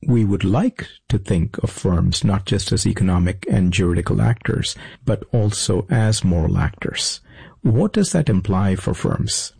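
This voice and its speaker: A man who is a business school professor, answering interview questions deliberately with some hesitation. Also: lowish voice, expressive, vocal fry, warm tone, slightly rough, no echo.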